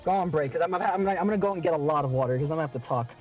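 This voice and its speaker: A man running a tabletop game as game master, joking and excitable, quick to curse. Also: fairly high pitch. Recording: dull lo-fi recording with faint music.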